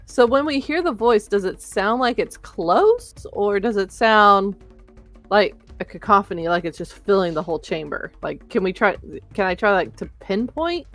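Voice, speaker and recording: A woman playing in an online tabletop game, casual and unhurried, swearing offhandedly. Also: mid-range voice, lively intonation, a bit bright. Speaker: player. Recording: dry mic with faint music.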